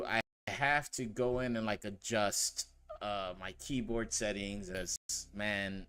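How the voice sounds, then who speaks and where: A man with a low, bright voice hosts his stream, chatting easily as he sets things up. His voice is crisp and close, with no room sound. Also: fairly even intonation, takes it slowly, no room sound. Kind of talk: casual chat while setting up a game.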